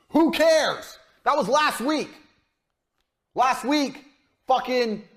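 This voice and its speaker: A man giving a business course lecture, talking bluntly and commandingly and swearing often. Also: a little high. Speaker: business coach.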